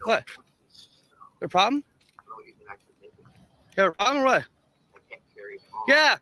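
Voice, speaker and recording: A man with a very high, bright voice that swings up and down with heat. He rants and taunts in a steady stream of profanity while streaming on a handheld camera from a public sidewalk. His voice sounds close and dry. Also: a little slow, dry recording. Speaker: street streamer. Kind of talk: confrontational livestream ranting.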